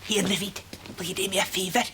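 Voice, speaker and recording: A woman's voice: mid-range voice, fairly even intonation, fast talker, background noise, natural voice. Sitcom part: woman as gossipy Scottish busybody. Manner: gossipy, conspiratorial.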